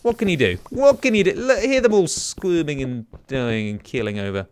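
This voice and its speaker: A young man, chatting casually to himself as he plays a game, rambling and breaking into sudden excited exclamations. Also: a little high, moderate pace, slight background noise. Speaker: let's play gamer. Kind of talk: casual gameplay commentary.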